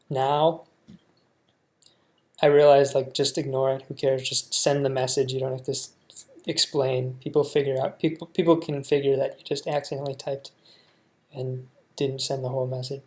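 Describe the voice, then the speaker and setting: A young American man reacting to a show, thinking out loud in a rambling way, full of fillers and restarts. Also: mid-range voice, level tone, normal speed. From United States. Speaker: reaction video host. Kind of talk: casual reaction commentary.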